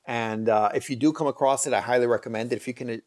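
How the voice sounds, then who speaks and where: A man's voice: mid-range voice, fast, darkish tone. Man rambling through book recommendations. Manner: rambling, hesitant, many fillers and restarts. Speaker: channel host reviewing books. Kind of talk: casual book review vlog.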